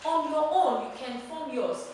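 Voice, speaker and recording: A woman's voice: sits high, measured pace, warm tone, slight background noise. Nigerian woman teaching in an echoey classroom. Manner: emphatic, repeats key words for drilling. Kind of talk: classroom lesson. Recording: echoey room, mic far off.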